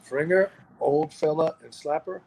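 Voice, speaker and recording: A man's voice: a little high, a little slow, gravelly, a little mellow, poor audio. A middle-aged man, a guest in a casual interview, guessing at unfamiliar slang in a puzzled, good-humored way. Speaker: interview guest, former wrestler.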